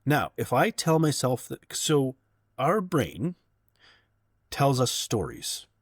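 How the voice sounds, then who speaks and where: Male coach as guest, mid pitch, teacherly, dry recording. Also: big pitch swings, slow pace, husky, dry recording. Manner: teacherly, checks in with "right?". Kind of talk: explanatory interview talk.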